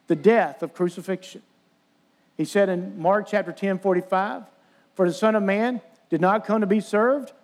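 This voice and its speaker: A man's voice: sits high, darkish tone. A man preaching a sermon, earnestly retelling scripture and acting out the voices of mockers.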